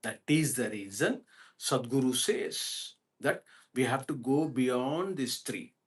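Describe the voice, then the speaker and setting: A man's voice: mid-range voice, slow. A man, a spiritual teacher telling a parable in a sermon and putting questions to his listeners. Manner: asks the audience questions while telling a parable. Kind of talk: storytelling sermon.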